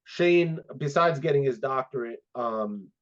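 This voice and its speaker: A man in his fifties, a sport psychologist appearing as a guest, tells stories in a casual interview at a measured pace and a medium pitch. He is an animated storyteller who acts out the quoted dialogue. The audio is dull and lo-fi.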